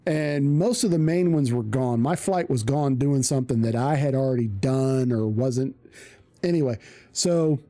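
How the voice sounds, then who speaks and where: A man's voice: mid-range voice, a little slow, dark tone. A male streamer telling a casual story, rambling with restarts and plenty of swearing.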